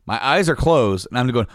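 A man with a fairly low voice tells a winding story in relaxed conversation, stumbling over restarts and breaking into laughter often. The sound is dry and close, with no room around it. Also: no echo. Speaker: podcast guest telling a story. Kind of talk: casual storytelling chat.

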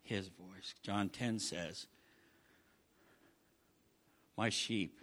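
A middle-aged man preaching a sermon, swinging from loud bursts down to hushed near-whispers. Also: deep voice, slow pace, hardly any pauses, husky. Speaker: pastor.

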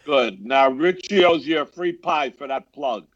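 A man from the Bronx with a New York accent, a guest actor chatting in a relaxed way with frequent pauses over a video call. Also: a little high, dry recording, dull audio. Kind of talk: casual interview chat.

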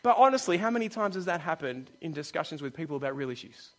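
Pastor, male, middle-aged, high voice, playful, sermon delivery that acts out dialogue. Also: quick pace. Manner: lively, joking, acts out dialogue.

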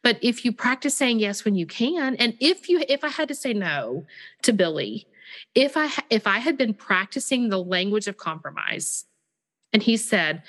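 A woman, co-hosting a parenting podcast, animated and chatty, often acting out what a parent and a child would say. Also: medium pitch, normal speed, big-room sound. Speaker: podcast co-host. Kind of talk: casual parenting podcast chat.

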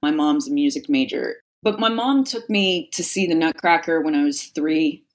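A woman's voice: low voice, animated, normal speed. A young adult woman, an actress, talking earnestly and reflectively in an interview. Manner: reflective, earnest, grows emotional. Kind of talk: casual interview conversation.

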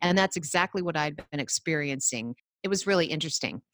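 Woman with a low, dry voice. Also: lively intonation, fast talker, a bit bright, no room sound. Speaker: podcast co-host, psychic. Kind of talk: casual conversational storytelling.

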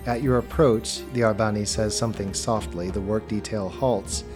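A man narrating a tabletop game as game master, describing scenes in a measured, descriptive way. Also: lowish voice, fairly even intonation, over music.

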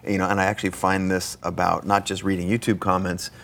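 A man hosting a live on-stage conversation, chatty and enthusiastic, with quick asides. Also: sits low, flat delivery, vocal fry, a bit bright. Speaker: host, interviewer. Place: stage before a live audience.

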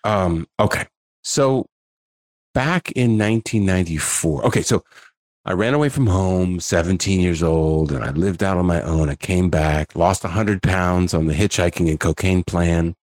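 A man's voice: sits low, normal speed, dry recording. A man in his forties, a guest in a casual interview, telling stories animatedly and acting out the dialogue. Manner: animated storyteller, acts out dialogue.

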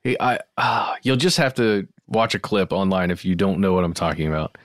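A man co-hosting a podcast in casual chat, jokey, with quick asides. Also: low-pitched, no echo, clean studio sound. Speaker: podcast co-host.

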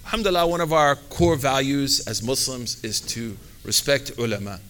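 A man's voice: medium pitch, lively intonation, normal speed, fairly bright tone. A man, an Islamic teacher, giving a conversational religious talk, full of fillers and sprinkled with Arabic phrases.

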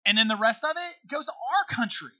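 A man's voice: extremely high pitch, lively intonation, brisk, pushed and bright, highs cut off. A middle-aged man telling a personal story in casual conversation, earnest and emphatic, often checking in with his listener. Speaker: guest.

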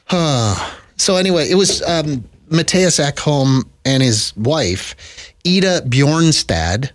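A man from Canada co-hosting a podcast in casual chat, animated and laughing often. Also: a little high, takes it slowly. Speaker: podcast co-host.

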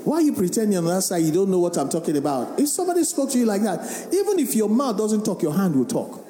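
A man, a pastor giving an animated sermon and firing questions at the congregation. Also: high voice, fast talker. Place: large worship hall. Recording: echoey hall with faint music.

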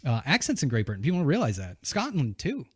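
A man's voice: medium pitch, wildly swooping pitch, quick pace, slightly rough, dry recording, studio quality. A man from New Hampshire hosting a podcast, chatty and laughing as he interviews a guest. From New Hampshire, USA. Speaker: podcast host. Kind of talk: casual banter and interview.

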